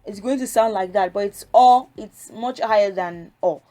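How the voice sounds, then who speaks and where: A woman's voice: medium pitch, moderate pace, warm tone, soft background music. A woman teaching a language lesson, patiently explaining step by step and sounding out syllables. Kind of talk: casual spoken lesson.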